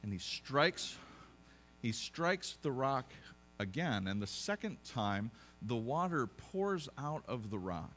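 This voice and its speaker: A pastor preaching a sermon, telling a story conversationally with joking asides and frequent restarts. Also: male voice, medium pitch, big pitch swings, slow pace, fairly bright tone, soft background music.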